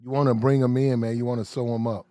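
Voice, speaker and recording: A man giving blunt, slang-heavy dating advice in casual talk, drawing out his words slowly when he lists details. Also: mid-range voice, level tone, dark tone, no echo, studio quality.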